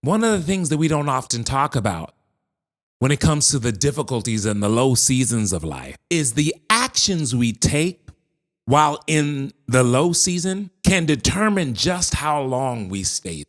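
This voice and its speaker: A man giving a motivational speech with slow, emphatic delivery and dramatic pauses. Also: mid-range voice, very animated. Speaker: motivational speaker.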